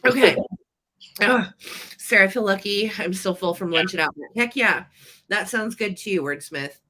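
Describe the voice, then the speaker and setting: A woman hosting a live vintage sale stream, chatting enthusiastically as she pitches each item. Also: moderate pace, sharp tone. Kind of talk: live-stream sales chat.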